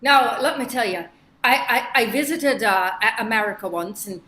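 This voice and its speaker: A woman's voice: on the high side, lively intonation, moderate pace, pushed and bright. A woman performing improv comedy, playing a hesitant, stammering customer. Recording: echoey room with faint background noise.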